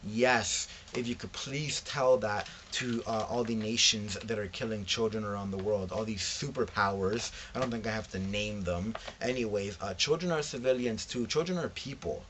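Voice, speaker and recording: A man's voice: on the low side, normal speed, hardly any pauses, a bit bright, slight background noise. A young man casually chatting in a vlog about books he found, telling the story with slangy asides and acting out what his friends said. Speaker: book vlogger.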